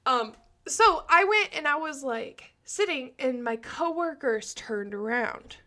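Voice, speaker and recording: Bright, high-voiced young woman telling a story. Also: animated, slow. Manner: chatty, peppered with "like", laughs often. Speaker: storytime vlogger. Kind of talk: casual storytime.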